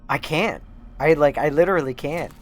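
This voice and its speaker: A man's voice: a little high, moderate pace, faint music behind. A man streaming a let's play, reading in-game letters aloud and breaking into laughter.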